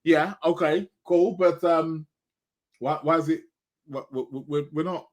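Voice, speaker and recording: A man's voice: on the high side, fairly even intonation, measured pace, darkish tone. A man hosting an astrology podcast live stream in a casual, rambling chat, greeting viewers by name and munching snacks as he talks.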